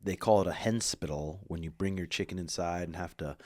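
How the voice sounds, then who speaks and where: Male podcast co-host, low voice, dry close sound, animated and profane storyteller. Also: a little fast, no room sound. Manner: animated storyteller, swears freely, acts out quoted voices.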